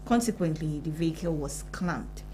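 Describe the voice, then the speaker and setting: A woman, co-hosting a live morning show and briskly reading out a press statement. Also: sits low, warm tone, a little hiss or hum, rough recording. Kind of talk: news review on live TV. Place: TV studio.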